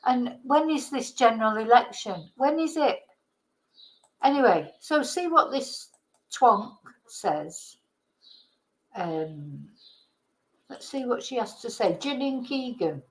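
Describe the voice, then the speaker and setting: A woman's voice: a little high, expressive, slow, long pauses, low-quality recording. A woman from Britain, a vlogger, delivering an indignant, heated political rant with some swearing.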